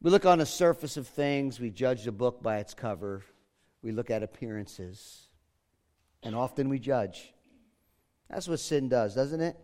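A man preaching a sermon as pastor, moving between hushed, quiet lines and loud, emphatic ones. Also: mid-range voice, animated, unhurried.

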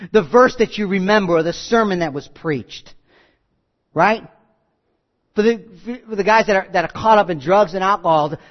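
A man preaching a sermon, animated and acting out the voices he quotes. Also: sits high. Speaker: pastor. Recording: dull lo-fi recording with long hall reverb.

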